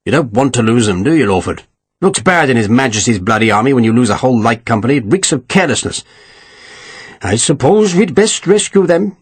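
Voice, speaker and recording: A man's voice: medium pitch, lively intonation, brisk, slightly rough, dry recording. A man voicing an irascible, profane older Welsh general who blusters and scorns. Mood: furious.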